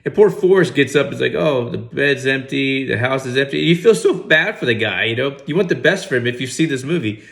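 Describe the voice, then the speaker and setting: A man's voice: medium pitch, lively intonation, fairly quick, gravelly, hardly any pauses, a bit bright. A man giving casual comedic movie commentary, sarcastic and incredulous with mock outrage. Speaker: movie reaction host.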